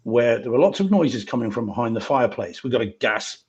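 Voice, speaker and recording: A man's voice: mid-range voice, lively intonation, fairly quick, lo-fi sound. A man co-hosting a podcast in easygoing casual chat, with a lot of murmured agreement and light teasing. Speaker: podcast co-host.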